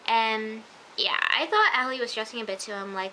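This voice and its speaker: A young woman talks through a TV episode in a casual, gushing vlog. Her voice sits fairly high and sounds bright and crisp. She leans hard on "like" and "oh my gosh," and a faint hiss runs under the recording. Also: expressive, normal speed, low-quality recording. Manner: gushing, chatty, many "like" and "oh my gosh". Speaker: vlogger.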